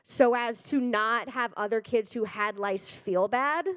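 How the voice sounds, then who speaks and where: A woman doing a stand-up comedy set on stage, animated and swearing, often breaking into loud acted-out voices. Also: on the high side, a little slow, smooth, no room sound, studio quality. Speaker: stand-up comic. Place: stage before a live audience.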